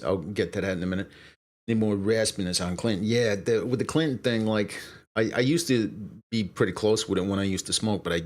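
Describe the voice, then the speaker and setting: A man hosting a live stream, chatting casually and rambling with lots of hesitations. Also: low-pitched. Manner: rambling, halting, with frequent fillers. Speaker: streamer host.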